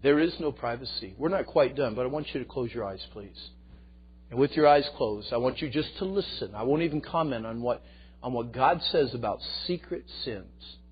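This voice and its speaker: A man preaching a sermon, dramatic and emphatic, dropping to a hush and then rising loud. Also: medium pitch, expressive, normal speed, slightly rough, lo-fi sound.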